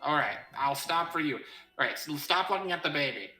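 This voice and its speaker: Low-voiced woman player in an echoey room. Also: lively intonation, brisk, sharp tone, soft background music. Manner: blunt, swears freely, jokes. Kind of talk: casual game chat.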